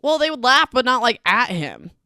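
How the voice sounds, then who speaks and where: A woman's voice: a little high, big pitch swings, moderate pace, bright, forceful tone, no echo, studio quality. A woman hosting a casual book recap podcast, talking in a chatty, emphatic way and filling her speech with "like". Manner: chatty and emphatic, heavy use of "like". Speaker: podcast host.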